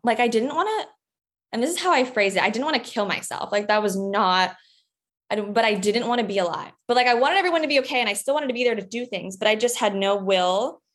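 A young woman as a podcast guest, talking candidly in casual chat and acting out her own past lines in a higher voice, with lots of "like.". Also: animated, quick pace. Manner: candid and chatty, acts out past dialogue in a higher voice.

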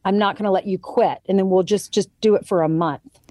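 A woman speaks in an earnest, storytelling way and often slips into quoted voices as she recounts family moments. Her pitch sits in an ordinary middle range. The recording is dry and close, with no room sound. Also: steady tone, a little fast, warm tone, no echo. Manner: earnest storytelling, quoting others in changed voices. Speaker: guest, author and TV co-host. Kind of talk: casual conversation.

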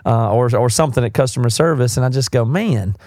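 A man's voice: mid-range voice, steady tone, fast, darkish tone, dry recording, studio quality. A man with a Southern US accent from South Carolina, hosting a podcast and giving candid, rambling commentary on listener questions. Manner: rambling, candid, self-correcting. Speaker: podcast host.

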